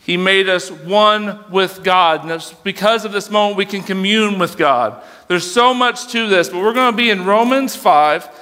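A man's voice: high voice, normal speed, hardly any pauses, sharp tone, long reverb tail. A young man preaching a sermon as youth pastor, casual and conversational, with fillers and self-corrections. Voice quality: dyslexic, struggles reading aloud.

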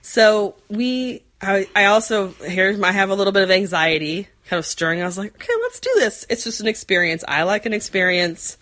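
A woman's voice: medium pitch, steady tone, normal speed, hardly any pauses, fairly bright tone. A woman in her forties telling a rambling story in casual chat, full of fillers and playful put-on voices. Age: 40s. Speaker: podcast co-host.

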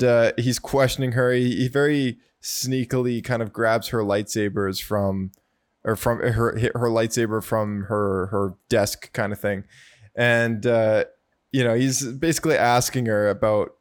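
A man's voice: on the low side, little pitch movement, a little slow. A man in a casual discussion, speaking chattily with frequent "like" and repeated words. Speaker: podcast co-host.

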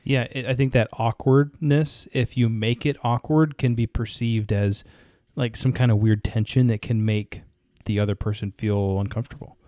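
Soft-toned man, thoughtful podcast co-host. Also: medium pitch, fairly even intonation, normal speed, few pauses, dry recording, studio quality. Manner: thoughtful, hedging with "I mean". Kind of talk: casual podcast conversation.

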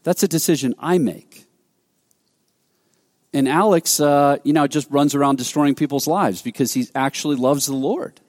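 Male pastor, lively sermon storytelling, slightly high voice, long church-hall reverb. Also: moderate pace. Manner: animated, acts out quoted dialogue, frequent restarts.

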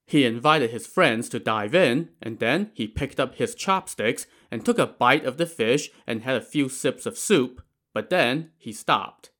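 A man's voice: medium pitch, lively intonation, unhurried, a bit bright. A man narrating a classic tale in a casual way, with joking asides. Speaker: storyteller.

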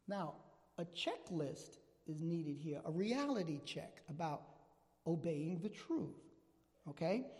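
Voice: medium pitch, a little mellow, long reverb tail. A preacher giving a sermon with emphatic, repeated phrases, often checking in with listeners.

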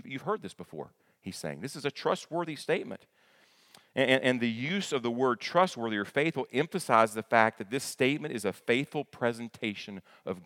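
A man's voice: medium pitch, fairly bright tone. A male pastor preaching a sermon in a conversational way, repeating his words as he goes and asking the congregation questions. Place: church sanctuary. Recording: long hall reverb.

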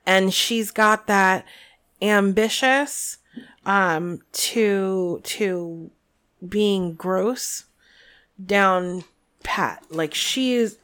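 A woman's voice: medium pitch, fairly bright tone, clean tone. A woman co-hosting a podcast, chatting in a casual, opinionated way. She reads a book aloud between her comments and uses plenty of fillers. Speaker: podcast co-host.

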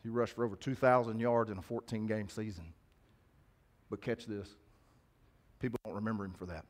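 A man's voice: lowish voice, fairly even intonation, fairly quick. A man pastor preaching a sermon in a church, conversational, calling out to the congregation.

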